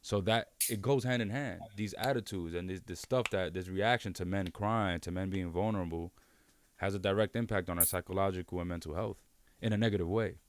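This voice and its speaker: A man co-hosting a candid podcast, talking in a measured way, citing research and asking reflective questions. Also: low voice. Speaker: co-host.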